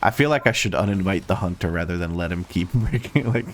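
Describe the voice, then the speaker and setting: Low-voiced guy chatting over his game run, laid back, laughs a lot, bit of hiss behind. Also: quick pace. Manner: laid-back, chuckling often, self-mocking. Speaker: streamer playing as tank. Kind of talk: casual gameplay chat.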